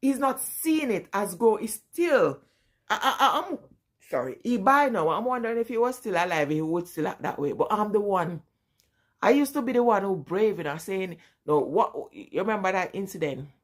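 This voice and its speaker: A woman's voice: medium pitch, normal speed. Laughing woman with a Jamaican accent. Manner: laughs often while telling family stories, animated. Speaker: vlogger. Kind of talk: casual storytelling.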